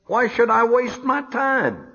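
An older man preaching a sermon, animated, dropping to a low murmur and rising to high emphatic outbursts, on a dull lo-fi recording. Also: takes it slowly, slightly rough.

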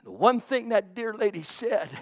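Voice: medium pitch, big pitch swings, a little slow. Impassioned preacher with big swings. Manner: impassioned, swinging from loud exclamations to hushed asides; repeats phrases for emphasis. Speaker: pastor. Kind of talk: sermon.

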